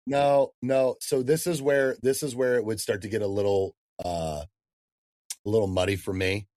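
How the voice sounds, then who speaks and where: Slangy animated male fitness coach. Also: on the low side, normal speed, no room sound, studio quality. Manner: animated, slangy, says "dude" and "man" often. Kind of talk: casual podcast interview.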